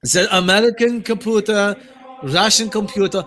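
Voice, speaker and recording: Comic bit: a man playing a scheming rich mogul, German accent, smug, pitched a little high. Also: huge pitch swings, a bit bright, breathy edge, exaggerated voice. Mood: pompous. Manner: smug, chuckling, drawn-out delivery. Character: pompous scheming rich male media mogul. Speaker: co-host.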